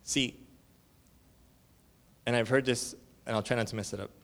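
A man's voice: medium pitch, fairly even intonation, normal speed, vocal fry, a bit bright. A male church elder giving a conference sermon, telling stories in a casual, slangy way and acting out the people in them. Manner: casual storytelling with slang and fillers; acts out dialogue with shifting voices.

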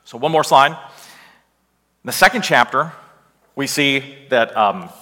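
Emphatic male Bible teacher, bright voice. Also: mid-range voice, slow pace, long reverb tail. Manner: animated, emphatic, asks rhetorical "right?". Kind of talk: lecture with slides.

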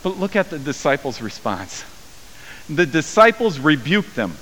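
A man preaching a sermon as a pastor, acting out the voices of the people in his story with rising pitch and volume. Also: sing-song, unhurried, fairly bright tone. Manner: acts out quoted voices with raised pitch and volume. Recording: long hall reverb with faint hiss.

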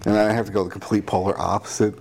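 A man's voice: fairly low pitch, flat delivery, quick pace, creaky, darkish tone. A man co-hosting a podcast in casual crude banter, swearing often and laughing a lot. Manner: profane, laughing, acts out mocking voices. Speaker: podcast co-host.

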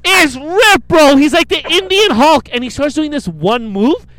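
A man in casual comedic chat, telling a story with animated energy and acting out the voices of the people in it. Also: very high-pitched, normal speed, no echo. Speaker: storyteller co-host.

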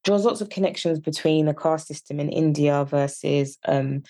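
Low-pitched and at normal speed, this dry-recorded voice belongs to a Yorkshire woman co-hosting a podcast. She talks earnestly and at length, wandering through topics casually and becoming animated when something riles her.

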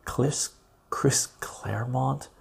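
A man's voice: mid-range voice, extremely slow, creaky, husky. A man hosting a casual live stream, rambling as he reads viewer comments aloud and answers them. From Canada.

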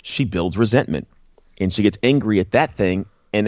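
A man's voice: lowish voice, expressive, normal speed, darkish tone, dry recording, muffled recording. A man guest speaking earnestly in a casual conversation, often repeating words as he thinks. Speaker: guest, former pro football player and author.

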